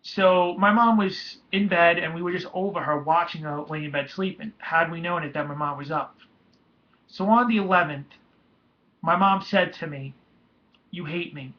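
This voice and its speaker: A young man telling a painful personal story in a halting, emotional way, with many restarts. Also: on the high side. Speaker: vlogger. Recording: dull lo-fi home recording.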